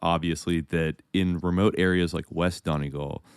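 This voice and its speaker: A man's voice: sits low, fairly even intonation, normal speed, smooth, dry recording, clean studio sound. A man co-hosting a history podcast, reading historical passages and then rambling casually with restarts. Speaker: podcast co-host.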